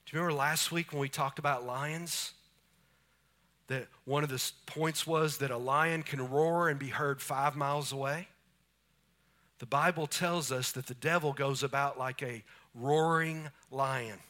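A man preaching a sermon, swinging between booming lines and hushed, intimate ones in a church. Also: fairly even intonation, normal speed. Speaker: pastor. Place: church sanctuary.

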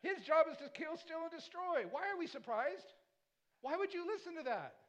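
A man's voice: very high-pitched, animated, moderate pace, a bit bright. A man pastor delivering a sermon, emphatic and repetitive, throwing rhetorical questions at the congregation between casual, conversational asides.

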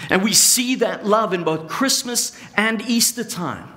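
A middle-aged male pastor preaching in an earnest, conversational way. His voice sits a little high for a man, and he stretches out the important words with long pauses. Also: pushed and bright. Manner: earnest, pausing for emphasis, slowing on key phrases. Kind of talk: sermon.

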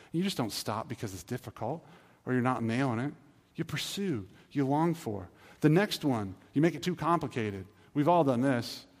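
Earnest pastor preaching in a reverberant hall. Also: male voice, mid-range voice. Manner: earnest, pleading, conversational with acted asides. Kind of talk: sermon.

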